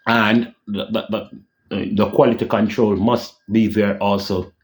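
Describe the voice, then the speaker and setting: A man's voice: lowish voice, steady tone, measured pace. A man hosting a casual vlog rant, rambling and repeating himself, often tagging lines with "yeah?" and humming dramatic sound cues. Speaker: channel host.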